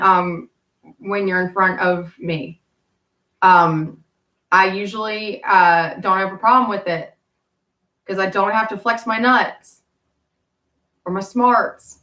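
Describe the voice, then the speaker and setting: A woman speaks in long, tangential stretches, cursing freely and cutting herself off mid-thought. Her voice sits at an ordinary pitch and carries from a distance in an echoing courtroom. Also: sharp tone. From Appalachian Kentucky. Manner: tangential, profane, self-interrupting. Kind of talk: rambling storytelling. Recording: roomy, from far off.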